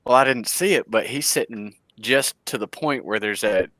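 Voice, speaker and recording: A man, telling hunting stories in a casual, animated chat, laughing and acting out quotes. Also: mid-range voice, moderate pace, no echo. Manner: animated, laughing storyteller who acts out quotes. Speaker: bowhunter guest.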